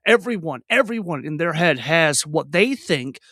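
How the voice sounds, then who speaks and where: A man chatting about running games as a game master, animated and quick to act out characters. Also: fairly high pitch, no room sound, clean studio sound. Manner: animated, acts out characters while explaining. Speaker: game master, podcast guest. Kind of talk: casual chat.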